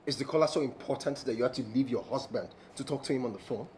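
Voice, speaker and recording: A man's voice: medium pitch, quick pace, a little mellow, a little hiss or hum, natural voice. An actor playing a suspicious, jealous husband who questions his wife with probing sarcasm. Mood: suspicious sarcastic. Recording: dialogue under a film music score. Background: film score music.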